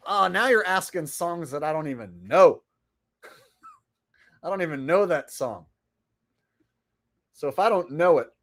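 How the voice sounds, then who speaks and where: Chill guy streaming, slow talk, lively pitch. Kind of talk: casual live stream chat.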